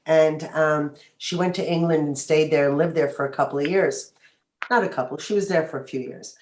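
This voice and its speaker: Chuckling middle-aged mom in an echoey room. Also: female voice, low-pitched, fairly even intonation, fairly quick, a little mellow. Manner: storytelling, chuckling. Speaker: guest, mother of a co-host. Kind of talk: casual chat.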